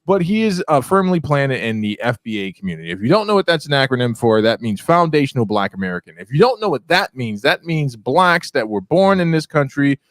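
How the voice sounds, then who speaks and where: A man's voice: mid-range voice, very animated, a little fast, few pauses, no echo, studio quality. A man hosting a casual political chat show, talking in a rambling, conversational way. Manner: conversational, rambling, laughs at own jokes. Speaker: host.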